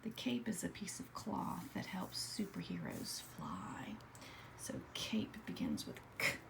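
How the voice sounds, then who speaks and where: A woman teaching an early-grade writing lesson, slowly sounding out letters and words in a soft, often whispered voice. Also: fairly low pitch, wildly swooping pitch, gravelly. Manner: slow, patient, sounding out letters.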